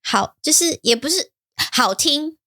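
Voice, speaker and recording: A woman from Taiwan with a Taiwanese Mandarin accent, co-hosting a casual chat, giggly and expressive and mixing in English words. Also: sits high, measured pace. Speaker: podcast co-host.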